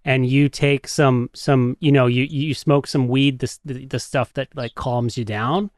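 Man, mid-pitch voice, relaxed host, filler-heavy chatter, dry close sound. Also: measured pace, no room sound. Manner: loose, filler-heavy, jokey. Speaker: podcast host. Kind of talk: casual interview chat.

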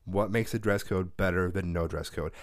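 A man with a low, steady voice speaks at normal speed in a dry, studio-quality recording. Co-hosting a podcast in casual conversation, he tells a story while ranting and swearing freely.

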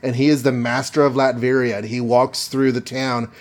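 A man's voice: mid-range voice, little pitch movement, moderate pace. A man co-hosting a podcast, retelling a comic-book story in a jokey, chatty way with lots of fillers. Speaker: podcast co-host. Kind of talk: casual comic-book recap.

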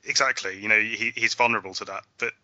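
A man's voice: lowish voice, steady tone, quick pace, bright, forceful tone, no room sound. A man on a podcast panel, talking hesitantly with lots of "kind of". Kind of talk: casual discussion. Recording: dull dry lo-fi sound.

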